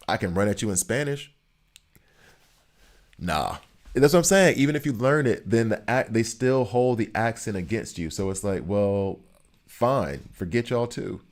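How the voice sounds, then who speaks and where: Guy with a low voice, streaming a game and going off on a rant, lots of rhetorical questions. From United States. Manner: animated, ranting with rhetorical questions. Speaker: gaming streamer. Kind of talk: casual chat while gaming.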